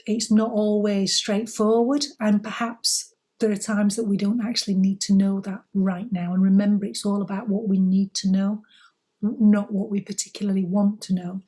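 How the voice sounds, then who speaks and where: Gentle, husky-voiced woman. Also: mid-range voice. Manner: gentle, reassuring, encouraging. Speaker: spiritual co-host. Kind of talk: calm advice talk.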